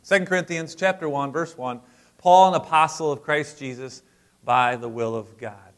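A pastor delivering a conversational sermon in church, mixing scripture reading with casual asides and light humor, rising to emphatic peaks. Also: male voice, a little high, moderate pace, fairly bright tone.

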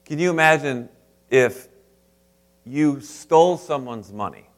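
A male pastor delivering a sermon, swinging between loud, emphatic lines and hushed, quiet asides, and putting questions straight to his congregation. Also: medium pitch, expressive, slow pace.

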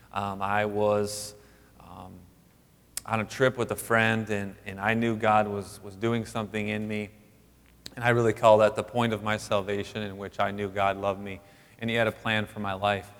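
Male pastor, 30s, informal sermon with stop-start delivery, lowish pitch, reverberant hall. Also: a bit bright. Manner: halting, many fillers and restarts.

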